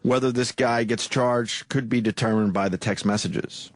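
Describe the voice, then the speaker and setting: A man co-hosting a radio show tells stories with blunt, profane candor. His voice sits at an ordinary middle pitch. It is recorded close and dry on a studio mic. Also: fairly even intonation, moderate pace, no echo. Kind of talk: casual radio talk.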